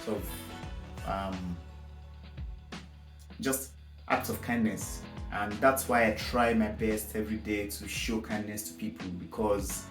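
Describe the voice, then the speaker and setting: A man vlogging casually about his own life, emotional and reflective, wandering off on tangents as he talks. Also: fairly low pitch. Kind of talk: casual personal storytelling. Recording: roomy echo with faint guitar music.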